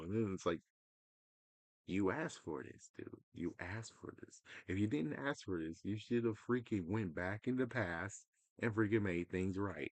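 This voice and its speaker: Casual gaming ranter, male, deep and dry-sounding, profane and exasperated. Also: animated, moderate pace, no echo. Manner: exasperated, profane, mocking voices; swings between loud outbursts and muttering. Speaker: gaming commentator. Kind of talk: casual rant to camera.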